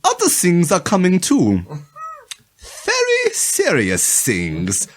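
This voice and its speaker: A man putting on a softly spoken German prophet. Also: sits high, wildly swooping pitch, pitched above the performer's own voice, exaggerated voice. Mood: grave. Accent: German (put-on). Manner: slow, exaggerated, ominous reading. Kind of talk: comic reading aloud from a novel.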